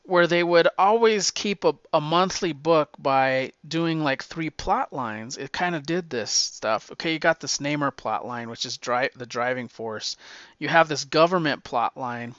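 A man's voice: a little high, a little slow, fairly bright tone, clear, resonant tone, no room sound, highs cut off. A man hosting a comics podcast in casual chat, enthusiastic and rambling, swearing freely and restarting often.

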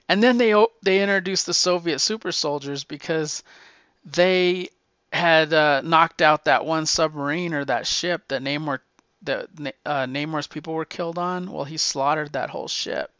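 A man's voice: fairly high pitch, normal speed, fairly bright tone, smooth, no echo, muffled recording. A man hosting a comics podcast in casual chat, enthusiastic and rambling, swearing freely and restarting often.

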